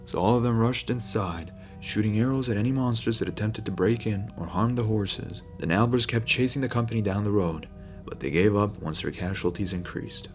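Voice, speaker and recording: A man narrating a fantasy audiobook in a steady storytelling manner. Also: fairly low pitch, fairly quick, soft background music. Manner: steady storytelling, voices every figure.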